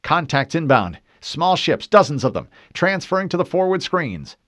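A man's voice: a little high, very animated, normal speed, a bit bright, no room sound, clean studio sound, pitched above the performer's own voice. A man voicing a tense, alarmed young male navigation officer with urgent, raised delivery.

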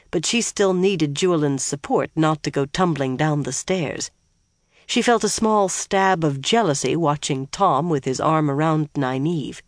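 A steady audiobook narrator reads a fantasy novel with an even, unhurried delivery. The voice sits mid-pitch, neither high nor low. The booth is dead and dry, with no room echo.

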